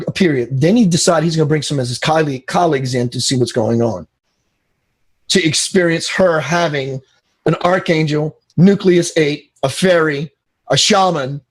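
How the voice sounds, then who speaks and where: A man being interviewed as a spiritual teacher, telling an animated story and acting out the dialogue. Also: fairly high pitch, husky.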